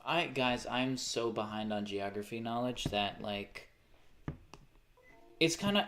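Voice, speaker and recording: A young man chatting casually on a live stream, rambling, sarcastic and swearing freely. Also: mid-range voice. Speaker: livestreamer.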